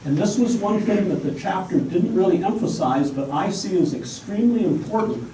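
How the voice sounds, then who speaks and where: Speaking at a mellow, moderate pace in a high, expressive voice, this guest presenter walks a Sabbath school class through an outlined slide talk. He lays out his points methodically, one after another. Captured from a distance in an echoey room with light hiss.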